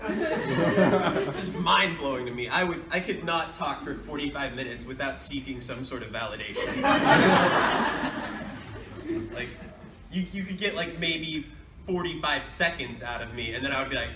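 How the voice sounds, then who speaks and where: A man's voice: on the high side, expressive, measured pace, pauses often. A man, a voice actor, answering fan questions at a convention panel in a rambling, chatty way with frequent laughs. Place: large convention hall. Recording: echoey hall, distant mic, noisy.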